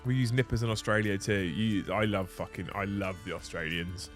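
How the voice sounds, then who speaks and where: A man's voice: low-pitched, steady tone, normal speed, soft background music. A middle-aged man from southern England with a southern English accent, hosting a casual late-night chat and reading out viewers' messages, playfully stubborn and swearing now and then. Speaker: livestream host reading chat.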